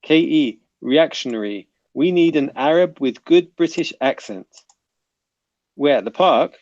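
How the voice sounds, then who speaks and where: Male streamer-host, gravelly, dry and muffled online audio, reads the chat aloud and banters. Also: on the high side, animated, a little slow, a little mellow, no echo. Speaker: livestream panel host reading chat. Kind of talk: casual livestream chat.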